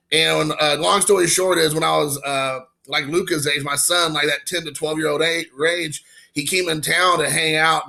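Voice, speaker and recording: A man in his forties from Indiana, excitedly opening and showing baseball cards in a casual, rambling vlog. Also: a little high, vocal fry. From Indiana, USA. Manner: excited, emotional, rambling with fillers. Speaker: baseball card collector vlogger.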